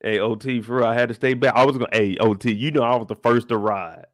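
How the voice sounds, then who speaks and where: A man hosting a live after-show, telling a story in an animated, profane way with sound effects. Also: mid-range voice, fast, no room sound. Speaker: show host.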